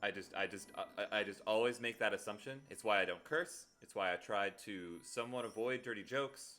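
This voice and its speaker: A man's voice: on the low side, brisk, bright, forceful tone. A man streaming a video game live, talking earnestly and directly to his viewers in casual chat. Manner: earnest, talks straight to viewers.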